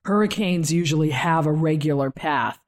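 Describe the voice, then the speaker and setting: A woman's voice: low-pitched, moderate pace. A woman co-hosting a podcast, chatting casually with wry jokes. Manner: wry, joking. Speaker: podcast co-host. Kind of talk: casual chat.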